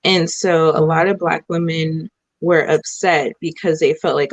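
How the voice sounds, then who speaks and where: A woman guest speaking in a thoughtful, measured way in a casual panel discussion over a video call. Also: deep voice, fairly even intonation, no echo. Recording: dull dry sound.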